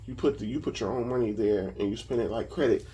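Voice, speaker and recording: A man casually telling a story about his own life, animated and full of profanity. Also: medium pitch, fast, slight background noise. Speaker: vlogger.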